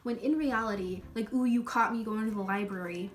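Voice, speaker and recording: A woman's voice: mid-range voice, fairly quick, distant mic. A young woman animatedly retelling a school story on her vlog, with swearing and lots of "like". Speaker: vlogger.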